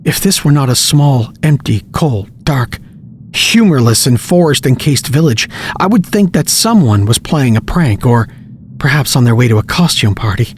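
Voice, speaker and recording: Guy reading his own creepy story, tense, hushed, building up, slight hiss under it. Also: mid-range voice, lively intonation, normal speed. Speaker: narrator and author. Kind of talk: scripted horror story narration.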